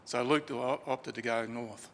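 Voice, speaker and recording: At a funeral in a crematorium chapel, a man shares a chatty, informal story about a friend, full of fillers and restarts. His medium-pitched voice is steady, unhurried and a bit bright. The chapel is reverberant, with faint ambience and slight background noise.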